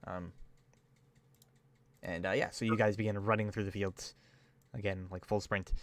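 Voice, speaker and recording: Male game master, low voice, rambling casual narration, dry sound. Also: flat delivery, moderate pace, dry recording. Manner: loose, filler-heavy narration.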